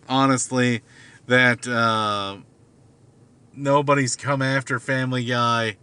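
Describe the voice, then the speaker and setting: Slow, rambling man with a bright, clear voice. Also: medium pitch. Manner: hesitant, many fillers and restarts. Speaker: vlogger. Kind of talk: rambling casual monologue. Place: car at night.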